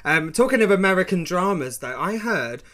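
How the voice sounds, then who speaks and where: Chatty bright-voiced woman from Cornwall. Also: fairly low pitch, lively intonation, a little fast. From Cornwall, England. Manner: chatty, rambling, trails off and restarts. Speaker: host. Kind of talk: casual chat.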